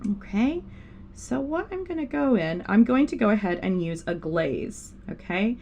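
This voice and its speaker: A woman's voice: medium pitch, lively intonation, unhurried, vocal fry, darkish tone, a little hiss or hum. A woman teaching a digital painting class on a livestream, rambling and stopping herself often with fillers. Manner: rambling, self-interrupting, with many fillers. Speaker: art instructor. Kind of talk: live digital painting tutorial.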